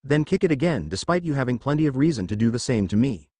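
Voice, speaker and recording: A man plays a tough male ninja teacher who makes blunt threats in a wry, calm way. The pitch stays lively. The recording is dry. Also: quick pace, no room sound, close to an everyday voice.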